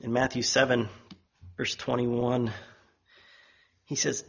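A man preaching a sermon, emphatic, lifting his voice when he quotes others and dropping low and quiet on solemn lines, with a husky tone. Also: little pitch movement, slow, pauses often, muffled recording.

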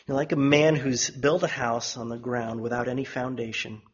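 A man preaching a sermon, emphatic, lifting his voice when he quotes others and dropping low and quiet on solemn lines, with a husky tone. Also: flat delivery, moderate pace, muffled recording.

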